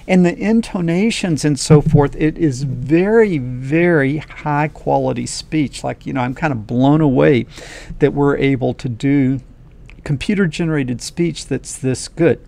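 Man with a gravelly voice, friendly coding teacher addressing viewers directly, casual and upbeat. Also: a little high, unhurried, mellow. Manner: folksy, enthusiastic, talks straight to viewers. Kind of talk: casual screen-recorded lesson.

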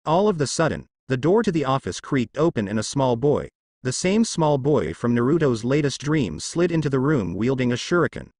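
Male narrator, lively storytelling read, dry close sound. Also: mid-range voice, normal speed, dry recording. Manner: straightforward storytelling. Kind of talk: reading a fan story aloud.

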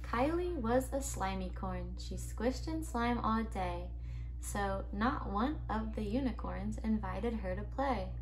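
A woman reading a picture book aloud to her child at home, in a gentle, expressive bedtime storytelling manner. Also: mid-range voice, slow, poor audio.

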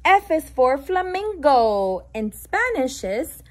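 A woman reads a bilingual picture book aloud for toddlers, her high voice swinging widely in pitch. She slowly emphasizes each individual letter sound and adds playful animal noises.

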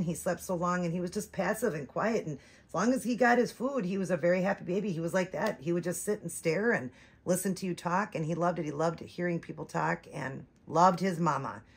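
A woman's voice: lowish voice, creaky, slight background noise. A woman in her forties chatting to viewers, telling a long rambling story. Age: 40s. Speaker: reborn doll vlogger. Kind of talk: casual chat to viewers.

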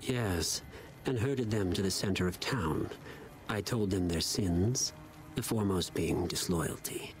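An actor playing a cruel Legion officer who lectures in a measured, contemptuous way, in a video game. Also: male voice, sits low, soft background music. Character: cold cruel Legion officer, stern older man.

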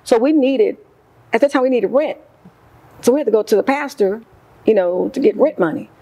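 A middle-aged woman, a guest in an interview, recounting her past in an emotional, animated way and acting out what people said. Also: fairly high pitch, fairly quick, poor audio. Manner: emotional, animated retelling with quoted voices. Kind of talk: personal story in an interview.

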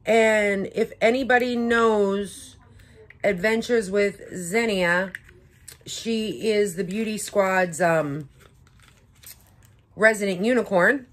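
A young woman beauty vlogger unboxing makeup in a casual vlog, gushing with excitement and gasping over each item. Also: mid-range voice, slow pace, long pauses. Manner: gushing, breathless excitement with frequent gasps.

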